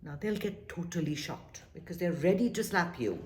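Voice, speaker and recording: A woman leading a meditation class, talking earnestly and coaxingly about staying calm, sometimes acting out short quoted exchanges. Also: lowish voice, normal speed. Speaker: meditation teacher.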